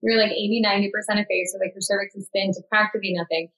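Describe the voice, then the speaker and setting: A woman speaking as a midwife in a casual podcast conversation. She explains matter-of-factly in relaxed, informal phrasing. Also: medium pitch, very fast, low-quality recording.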